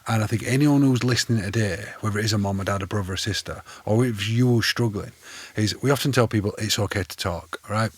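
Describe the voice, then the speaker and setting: Podcast host guy, husky low voice, direct and encouraging. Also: fast, hardly any pauses, dry recording. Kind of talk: candid podcast conversation.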